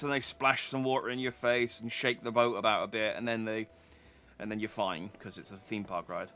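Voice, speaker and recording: A man's voice: medium pitch, fairly quick, pushed and bright. A man streaming a game, making casual, self-mocking asides as he plays. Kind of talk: casual gameplay commentary.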